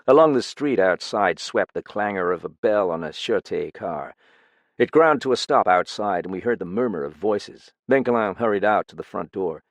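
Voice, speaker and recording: Man, audiobook narrator, low voice, lively delivery, dry recording. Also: moderate pace, no room sound. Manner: expressive, lively reading. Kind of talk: scripted narration.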